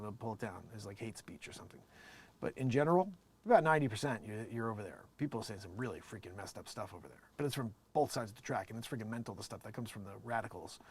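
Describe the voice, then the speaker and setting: A man hosting his own show, talking in a rambling, joking way that swings between low mutters and loud bursts. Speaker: show host. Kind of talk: casual live-stream commentary.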